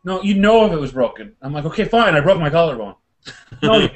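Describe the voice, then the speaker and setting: Male podcast guest, excitable storyteller, high, lively delivery. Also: fairly quick, a little hiss or hum. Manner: excitable, acts out quotes, laughs a lot. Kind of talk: casual storytelling.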